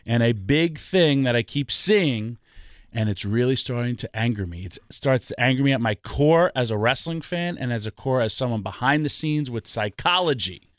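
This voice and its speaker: As a guest on a wrestling podcast, a man delivers a passionate, emphatic rant packed with rhetorical questions. His mid-range voice is animated and a bit bright at a moderate pace, recorded cleanly in a studio with no echo.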